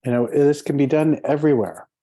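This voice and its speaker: Mellow-voiced man teaching meditation casually. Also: a little high, a little fast, no room sound, rough recording. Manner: conversational, laughing, many fillers. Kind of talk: casual dharma talk.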